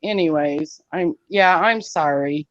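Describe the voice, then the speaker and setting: A woman's voice: deep voice, slow pace, no echo. Upset woman on a dry, muffled line. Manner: upset, swearing, apologetic. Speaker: caller on a live stream. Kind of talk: upset live-stream call. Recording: dry, muffled lo-fi call audio.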